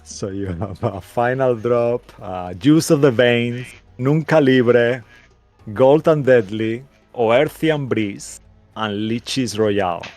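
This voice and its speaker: A man's voice: medium pitch, slow, darkish tone, no room sound, faint music behind. A man narrating a tabletop game as game master, hesitant and full of restarts.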